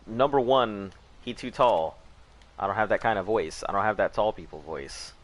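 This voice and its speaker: Joking man, lowish voice. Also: normal speed. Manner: rambling, jokey, laughs at his own jokes. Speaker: gaming live-stream host. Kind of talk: casual chat while streaming a game.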